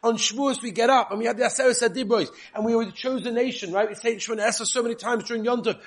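High-voiced man teaching a Torah class. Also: steady tone, rapid-fire. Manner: reads Hebrew text aloud and explains it in English, with frequent repetitions. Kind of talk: spoken Torah class on prayer.

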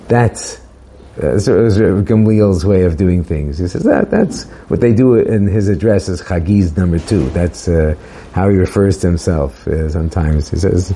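A man giving a casual, halting Torah talk, with many fillers and restarts, slowing down to quote verses. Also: deep voice, dark tone, a little hiss or hum. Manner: hesitant, many fillers and restarts, quoting Hebrew verses slowly. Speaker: speaker sharing a Torah thought.

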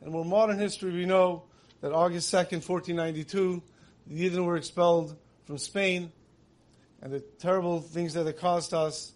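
Male preacher, higher register, casual delivery with rhetorical questions. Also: fairly even intonation, normal speed, darkish tone. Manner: mixes in many Hebrew terms. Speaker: religious speaker. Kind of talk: sermon.

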